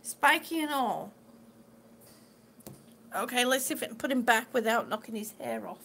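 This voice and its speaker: A woman's voice: on the high side, normal speed, gravelly, pushed and bright, slight background noise. A woman chatting on a live stream, reading out viewer comments in an affectionate, chatty way and calling people sweetie. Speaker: vlogger reading live chat. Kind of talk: casual live-stream chat.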